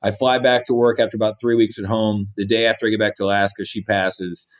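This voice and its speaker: A man's voice: lowish voice, level tone, quick pace. A man in his fifties, an Army division commander, earnestly recounting personal stories in an interview and acting out quoted dialogue. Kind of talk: interview storytelling.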